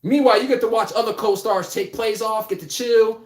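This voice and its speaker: A man's voice: sits high, fairly even intonation, fairly quick, echoey room. A man hosting a casual live-stream sports podcast, talking bluntly and animatedly, swearing and laughing as he rants. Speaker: podcast host.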